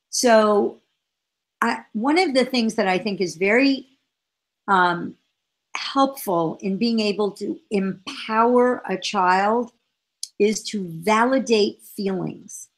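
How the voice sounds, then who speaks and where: A middle-aged woman answering interview questions as a parenting expert, lively and acting out short exchanges with her children. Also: medium pitch. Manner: animated, acts out dialogue with her kids.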